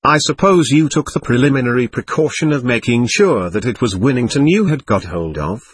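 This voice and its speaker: A man's voice: medium pitch, animated, fairly quick, husky, no echo. A man reading as a stern, commanding occult doctor. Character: authoritative male occult physician, brisk and stern. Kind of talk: audiobook character reading.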